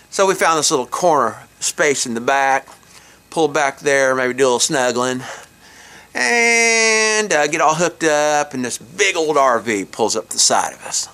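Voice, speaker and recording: A man's voice: on the high side, pushed and bright. A middle-aged man telling a comic story in a folksy way, chuckling at his own jokes, recorded outdoors at a campsite. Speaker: comedic storyteller host.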